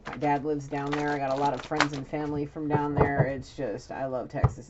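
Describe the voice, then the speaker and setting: A woman's voice: low voice, level tone, a little fast, few pauses. A woman from New City, giving a frank, scolding intuitive reading straight to an absent person. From New York City. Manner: blunt, scolding and frank, with frequent restarts. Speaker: intuitive reader. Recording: dull lo-fi audio with faint noise.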